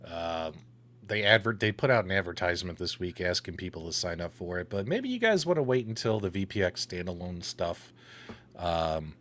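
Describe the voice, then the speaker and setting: A man's voice: low-pitched, a bit bright, a little hiss or hum. A man co-hosting a live-streamed arcade gaming show, chatting casually with a laid-back, rambling manner full of fillers. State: catching his breath.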